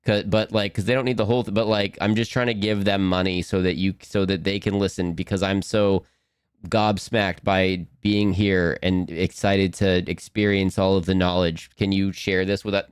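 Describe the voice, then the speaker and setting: A man's voice: low-pitched, flat delivery, moderate pace, clean tone, dry recording. Giggly rambling man on a dry mic. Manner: rambling, giggly, talks back to chat. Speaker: streamer hosting a cartoon watch-along. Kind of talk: casual live-stream chat. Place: home at his computer.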